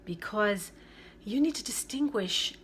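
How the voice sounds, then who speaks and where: A woman's voice: medium pitch, expressive, unhurried, a bit bright, a little hiss or hum. A woman from Brooklyn, giving relationship advice in an emphatic monologue that repeats its key phrases. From Brooklyn, New York.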